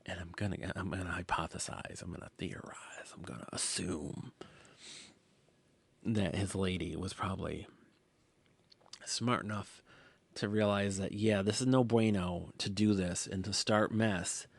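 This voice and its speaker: A man hosting his own podcast, telling a rambling story casually and often dropping to a hushed near-whisper. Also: deep voice, steady tone, a little slow, creaky, husky. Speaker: podcast host.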